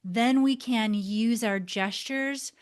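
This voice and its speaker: A woman teaching a lesson to camera, expressive, shifting her tone and pace for emphasis as she gestures. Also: on the high side. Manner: gestures deliberately while talking. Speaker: body language instructor.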